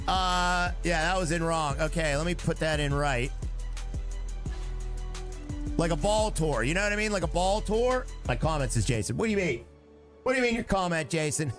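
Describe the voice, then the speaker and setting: An excitable, chatty man streams a game live and talks straight to his chat. His voice sits a little high and swings widely in pitch. Faint music plays underneath. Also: moderate pace. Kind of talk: live gameplay commentary with chat.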